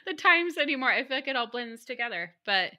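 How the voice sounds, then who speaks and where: A woman hosting a casual podcast interview, chatty and quick to laugh. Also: sits high, big pitch swings. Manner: chatty, laughs easily, warm reactions. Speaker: podcast host, teacher.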